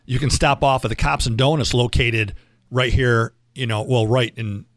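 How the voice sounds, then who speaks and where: A man's voice: mid-range voice, fairly even intonation, normal speed, a bit bright, no room sound, clean studio sound. A man in his late fifties hosting a radio talk show, joking and chatty. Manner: joking, chatty, plugs local spots. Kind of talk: casual radio banter.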